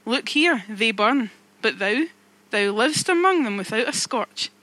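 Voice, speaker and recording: A brooding, obsessed old sea captain voiced by a woman reading a novel aloud, declaiming in archaic speech with a bright, ringing tone. The voice stays raised and pressing. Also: fairly high pitch, expressive, unhurried, no echo, full character voice. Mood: intense.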